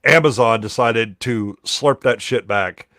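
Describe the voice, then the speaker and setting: A man's voice: medium pitch, unhurried, a bit bright, dry recording, studio quality. A man on a casual chat show, talking in a blunt, sardonic way with a lot of swearing. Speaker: podcast co-host.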